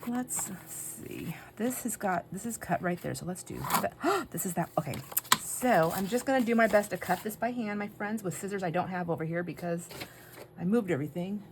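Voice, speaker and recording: A woman's voice: mid-range voice, brisk, heavy background noise. Giggly rambling woman crafter. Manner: rambling, self-interrupting, giggly. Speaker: junk journal crafter. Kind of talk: casual chatty storytelling while crafting.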